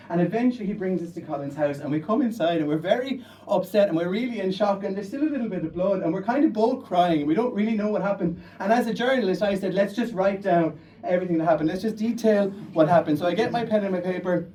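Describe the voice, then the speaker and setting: A young man with a Kerry accent, his voice pitched high, tells a funny personal story to a live audience. He sits a little back from the mic, with a faint room hum behind him. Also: recorded from a distance, poor audio. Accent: Irish, County Kerry. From Ireland. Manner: lively, comic, animated. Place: storytelling stage before an audience.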